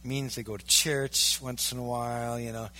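A male pastor preaching a sermon, emphatic, swinging from loud, stressed peaks down to low, quiet lines. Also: little pitch movement, moderate pace, a little hiss or hum.

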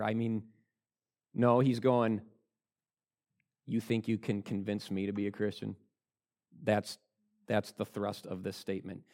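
A man preaching a sermon, acting out the people in the story and jumping from calm teaching to loud, high shouts. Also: normal speed. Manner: dramatic, acts out the characters with sudden loud shouts. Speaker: pastor.

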